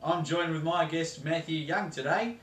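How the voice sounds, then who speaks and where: A man's voice: fairly high pitch, moderate pace, music in the background, voice pushed up, lightly acted. A man putting on a brash Aussie bloke host. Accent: Australian. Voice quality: loud, boisterous, heavy on slang. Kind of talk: comedic cooking-show skit. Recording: roomy kitchen, far from mic, noisy.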